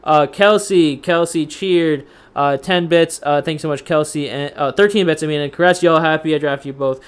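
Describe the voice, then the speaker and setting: Guy hosting a stream, reading out cheers, smooth clear voice, lots of uhs. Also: fairly high pitch, fairly even intonation. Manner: casual, halting with many fillers. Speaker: host.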